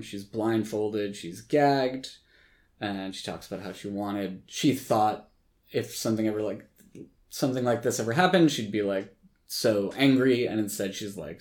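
Recapping a movie on his podcast, this man rambles in a relaxed way, dropping lots of likes and ums and swearing now and then. His pitch is fairly low and his tone a little mellow.

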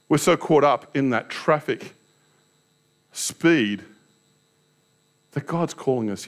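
With a mid-range voice and measured pace, a male pastor preaches candidly, poking fun at himself. He weaves in personal stories and puts rhetorical questions to his audience.

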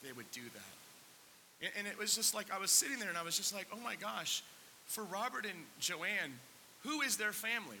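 A gravelly, high-pitched, sharp-toned voice belongs to a pastor preaching conversationally in a church sanctuary. He asks the congregation questions and comes close to tears at times, heard through long hall reverb with faint hiss.

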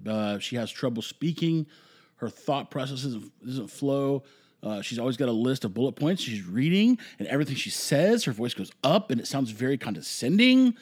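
A man delivers an opinionated monologue in a voice of ordinary pitch. He talks emphatically and rambles, hammering words through repetition. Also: a little mellow. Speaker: commentary host.

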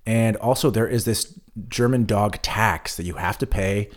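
A man's voice: fairly low pitch, normal speed. A man co-hosting a casual podcast, chatting and acting out quoted exchanges as he tells stories. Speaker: podcast co-host. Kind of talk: casual chat.

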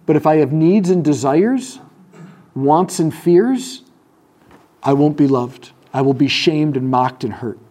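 A man's voice: a little high, darkish tone. A man giving a teaching talk on prayer to a group, telling a story and voicing the people in it. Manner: storytelling, acts out quoted voices, lets pauses land. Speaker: speaker teaching on prayer ministry. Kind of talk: sermon-style talk to a live group.

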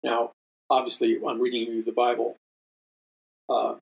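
Guy preaching on prophecy, reads from his book, keeps restarting words, mid-pitched voice. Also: monotone, unhurried, creaky, low-quality recording. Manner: earnest, emphatic, with frequent restarts and repeated words. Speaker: prophecy minister and radio host. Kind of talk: reading from his own book with commentary.

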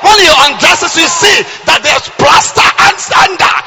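A male preacher delivering an animated sermon, shouting with comic asides. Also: very high voice, normal speed, a crowd in the background, noisy background.

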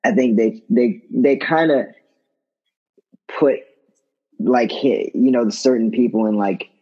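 A man talking as a guest in a casual podcast chat, hesitant with many restarts and a husky voice. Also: mid-range voice, slow, muffled recording.

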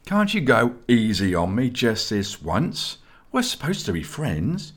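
A man's voice: mid-range voice, big pitch swings, moderate pace, voice pushed up. A man reading aloud and voicing a plaintive, complaining young male squire in a storybook. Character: young male squire, whiny and self-pitying.

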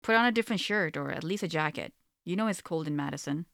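A woman's voice: deep voice, animated, fast, creaky, a bit bright, no room sound, clean studio sound, heavily acted. A woman reading the lines of a sly, controlling husband with a drawl in a story. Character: sly controlling Southern husband, adult man.

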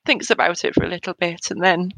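A woman in her thirties, a bereaved mother in an interview, talking in a hesitant, halting way with soft laughs between thoughts. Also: on the low side, steady tone, dry recording, rough recording. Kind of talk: emotional personal conversation.

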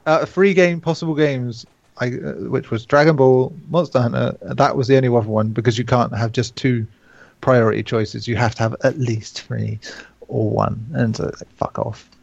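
Gravelly man hosting a gaming podcast. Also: mid-range voice, steady tone, normal speed, no room sound, lo-fi sound. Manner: laughing, swearing, joking. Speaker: podcast host. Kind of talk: casual gaming podcast chat.

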